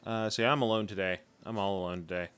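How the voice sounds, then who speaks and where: Game streamer, male, low-pitched, easygoing chatty delivery. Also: steady tone, fast, a bit bright, smooth. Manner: chatty, hums to himself while playing. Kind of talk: casual live-stream chat.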